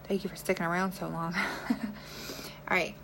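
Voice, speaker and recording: A woman's voice: on the low side, level tone, normal speed, vocal fry, background noise. A young woman chatting playfully with viewers on a phone livestream while doing her makeup. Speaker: beauty vlogger. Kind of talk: casual livestream makeup chat.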